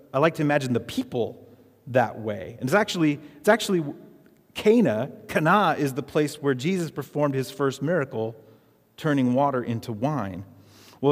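A man preaching a sermon as pastor, emphatic and repetitive, leading the congregation in call-and-response. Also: medium pitch. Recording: reverberant hall.

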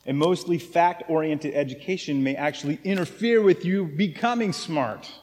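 A man preaching a sermon to his congregation in a relaxed, conversational way, often checking in with "right?". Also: fairly high pitch, normal speed. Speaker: pastor. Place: church sanctuary. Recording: long hall reverb.

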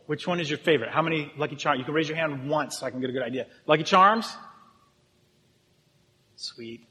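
A man's voice: on the high side, a little fast, bright, forceful tone. A man preaching a sermon in a casual, joking way, talking directly with his congregation. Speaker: pastor. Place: church hall with audience. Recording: long hall reverb.

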